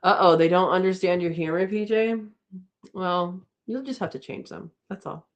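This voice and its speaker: A woman's voice: fairly low pitch, normal speed. A woman hosting a casual live chat from home, reading viewer comments aloud and laughing often. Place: home, indoors.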